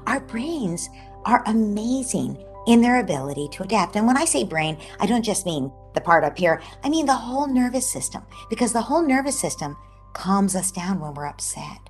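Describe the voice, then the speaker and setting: Brief: woman, psychologist guest, animated explanatory interview answers over a video call. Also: mid-range voice, moderate pace, soft background music. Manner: animated, explanatory, dips into soft near-whispers.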